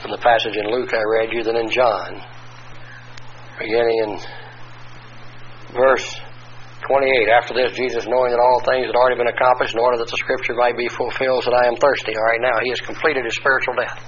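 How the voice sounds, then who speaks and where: A man preaching a sermon, reading long scripture passages aloud and pausing to explain them. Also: mid-range voice, level tone, fairly bright tone, dull audio, a little hiss or hum. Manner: reads passages then explains, corrects himself.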